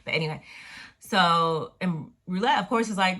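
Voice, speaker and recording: A woman recapping a TV episode in a casual, slangy, profane way, with animated retellings. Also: fairly low pitch, measured pace. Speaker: TV recap vlogger.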